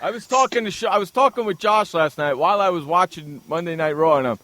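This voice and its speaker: A man's voice: high-pitched, fast, sharp tone. A man hosting a casual sports radio show, ranting bluntly and sounding exasperated. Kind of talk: casual sports talk banter.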